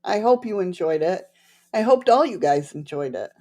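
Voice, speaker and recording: A woman's voice: on the low side, animated, normal speed, a little mellow. Chatty woman with a slight lisp. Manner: rambling and chatty, laughs often, talks to chat viewers. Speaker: livestream host. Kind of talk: casual livestream chat.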